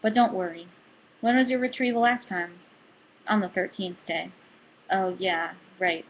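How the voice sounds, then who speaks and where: A practical, busy husband who keeps reassuring his wife , read by a woman in her own voice. He talks briskly at a middle pitch. The recording is a little dull and lo-fi with a faint hiss. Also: steady tone, lightly acted.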